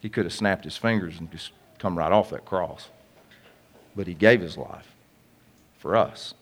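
A man's voice: low-pitched, measured pace. A man preaching a conversational, jokey sermon to a congregation.

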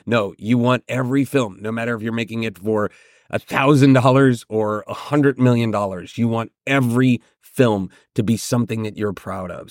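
A man's voice: on the low side, dry recording, clean studio sound. A man hosting a solo filmmaking podcast, giving advice in a conversational, emphatic way and often checking in with "right?".

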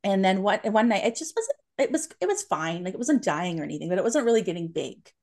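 A woman's voice: mid-range voice, very animated, fast talker, a little mellow. A young adult woman, a medium, chatting eagerly and telling stories with many fillers and restarts. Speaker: medium, podcast guest. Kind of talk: casual chat.

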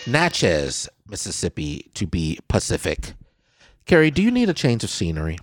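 A man from Southeast Texas co-hosting a casual talk show, animated and exasperated, with sudden high squeals. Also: normal speed, slight background noise. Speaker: co-host. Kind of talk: casual podcast banter.

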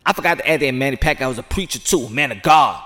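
A man giving casual, excited commentary outdoors, rambling and repeating himself with sudden loud outbursts. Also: mid-range voice, rapid-fire. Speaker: sports commentary vlogger.

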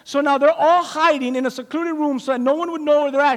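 A man's voice: extremely high pitch, steady tone, fast talker, big-room sound. A man preaching a sermon, emphatic and repetitive, asking the listeners rhetorical questions.

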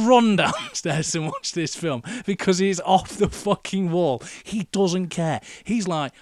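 A man in his thirties, co-hosting a podcast and reviewing a film in animated, sweary, laughing chat with lots of "mate". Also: on the high side, measured pace, hardly any pauses, no echo. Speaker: podcast co-host.

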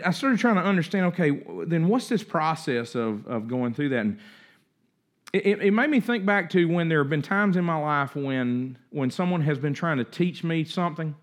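A middle-aged man preaching a sermon, telling stories animatedly and often restarting his sentences. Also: fairly high pitch. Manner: animated storytelling with frequent restarts. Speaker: pastor.

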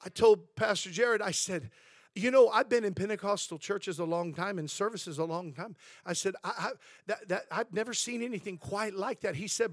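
A man preaching a sermon as pastor, telling stories with frequent amens and praise interjections, and climbing to shouts at the high points. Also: moderate pace, no echo. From Southern California. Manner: storytelling preacher, rising to shouts.

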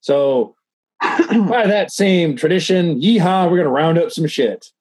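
Husky tipsy man reading news. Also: a little high, lively intonation, a little slow, darkish tone, dry recording. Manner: rambling, swears a lot, frequent restarts. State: tipsy from drinking. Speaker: podcast co-host reading news stories. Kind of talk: casual profane banter, reading articles aloud.

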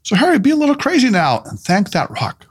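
A man voicing a calm, playful male spiritual teacher in an audiobook, speaking gently, with teasing emphasis. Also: high-pitched, fairly quick, slightly rough, voice pushed up, heavily acted. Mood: gently insistent. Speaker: mentor character in an audiobook. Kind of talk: audiobook character reading.

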